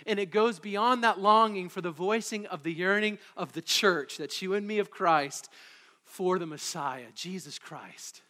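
A man preaching a sermon, animated and excitable, building to eager bursts as he teaches about an old hymn. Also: on the high side, long reverb tail. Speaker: pastor. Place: church sanctuary.

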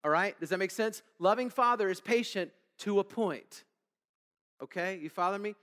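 High-voiced pastor in a reverberant hall. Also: male voice, normal speed, fairly bright tone. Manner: conversational preaching with frequent "okay?" and "all right?" check-ins; reads scripture aloud and asks the congregation to fill in words. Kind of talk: sermon. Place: church sanctuary.

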